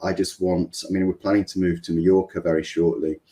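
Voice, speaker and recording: Interviewed as a guest, this Mancunian business coach from England speaks in a deep, dark voice with little pitch movement and a slightly fast pace. His talk is rambling and hesitant, full of ums and false starts.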